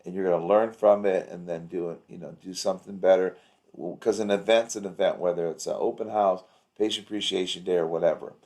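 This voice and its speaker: A man with a very low voice talks through a video call. He coaches in a loose, rambling way, piling up anecdotes and upbeat encouragement. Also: steady tone, fairly quick, a little mellow. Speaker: practice coach. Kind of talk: casual coaching chat.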